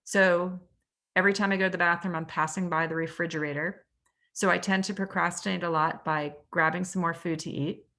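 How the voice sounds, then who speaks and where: A woman with a Canadian accent speaks in a lowish, steady voice, a little fast, with a pushed, bright quality. She's a real estate agent running a casual training session over video call, chatting conversationally, putting questions to her audience and saying "um" a lot.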